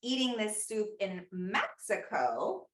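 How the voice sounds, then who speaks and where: A woman leads a cooking lesson, talking slowly and chattily and slipping Spanish phrases in between her stories. Her voice sits in a middling range. The kitchen around her is bare and echoey. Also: mid-range voice, wildly swooping pitch. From Los Angeles. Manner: chatty storyteller, mixes in Spanish words. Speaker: cooking class instructor. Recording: echoey room.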